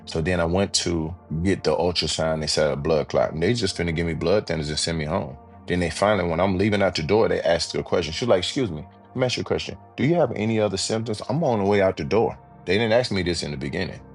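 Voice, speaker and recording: Very deep-voiced man telling his story. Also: quick pace, hardly any pauses, soft background music. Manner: animated retelling, acts out other people's lines; casual, repeats "you know what I mean". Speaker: podcast guest. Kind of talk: storytelling in an interview.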